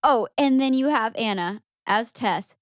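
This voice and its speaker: A woman's voice: a little high, measured pace, no echo, clean studio sound. A young woman co-hosting a podcast, recapping a movie in casual chat, giggling and acting out lines. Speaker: podcast co-host.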